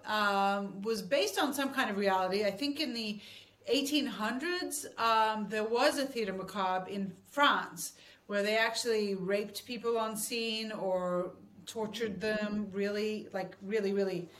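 A woman's voice: medium pitch, a bit bright. Chatty woman, echoey and distant. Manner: chatty, laughs often, acts out quotes. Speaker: guest actress. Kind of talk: casual storytelling interview. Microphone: remote call mic. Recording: roomy echo from a distance.

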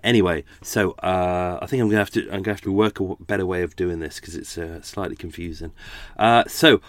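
A man's voice: low voice, a little fast, no echo. Tired man chatting. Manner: rambling, self-correcting, chatty. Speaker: podcast host. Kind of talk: casual chat. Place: at home indoors.

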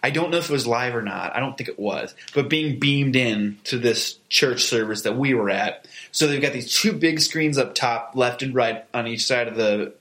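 A man's voice: mid-range voice, normal speed, hardly any pauses, a bit bright. A man in casual chat, giving wry, laid-back commentary with some swearing.

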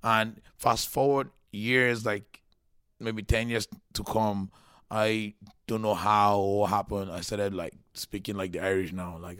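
A man in his thirties, originally from Nigeria, talks through his life story in a loose, lively way, often stopping to restart a sentence. His voice sits low, and the sound is close and dry with no room echo. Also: unhurried, clean tone. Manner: chatty and animated, restarts a lot, acts out quotes. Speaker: guest, comedian. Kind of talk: casual interview storytelling.

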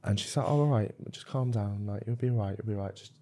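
A young man with a lowish voice co-hosts a casual chat podcast. He tells anecdotes at a loose, chatty pace. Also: fast, dark tone. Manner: chatty storyteller recounting anecdotes. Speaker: podcast co-host.

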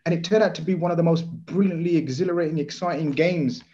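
A man chatting as a podcast guest, telling stories in an animated, rambling way. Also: fairly high pitch, fast talker, highs cut off. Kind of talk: casual football chat.

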